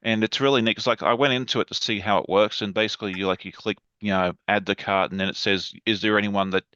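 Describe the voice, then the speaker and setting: A man's voice: lowish voice, fairly even intonation, quick pace, sharp tone, clean tone, dry recording, dull audio. A man chatting as a guest on a livestream over a video call, enthusiastic and rambling. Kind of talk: casual livestream chat.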